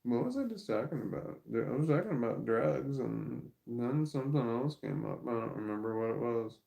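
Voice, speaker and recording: A man's voice: mid-range voice, expressive, moderate pace, creaky, dark tone, poor audio. A young adult man talking casually to camera, rambling, swearing and laughing as he goes. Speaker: vlogger.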